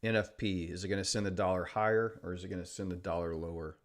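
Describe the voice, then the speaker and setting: Talking fast in a low, fairly even voice, a man runs a trading livestream. He reads viewers' messages aloud and answers with casual, sarcastic jokes.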